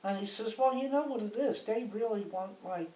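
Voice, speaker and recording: A woman's voice: mid-range voice, normal speed, a crowd in the background. An older woman, a grandmother, telling a rambling, chatty story in her living room, often checking in with her listener. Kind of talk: casual storytelling. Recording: hissy, muffled home recording from a distance in an echoey room.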